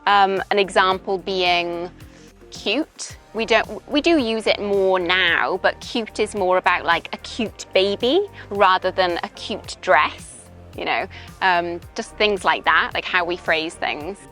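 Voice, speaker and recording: A woman's voice: medium pitch, slow pace, fairly bright tone, faint music behind. A young British woman from Wales, an English teacher, chatting casually in an outdoor interview and explaining with examples. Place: outdoors in a park. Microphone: handheld voice recorder.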